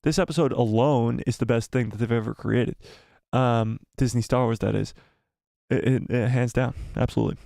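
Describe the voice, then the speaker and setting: A man hosting a live watch party stream, talking excitedly and breathlessly, swearing and repeating himself while reading viewer comments. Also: mid-range voice, normal speed, vocal fry, dry recording, clean studio sound.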